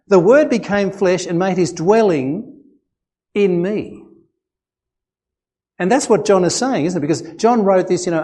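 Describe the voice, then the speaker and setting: A male pastor with an Australian accent, preaching a sermon in a conversational way, full of rhetorical questions and animated emphasis. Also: fairly high pitch. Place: church.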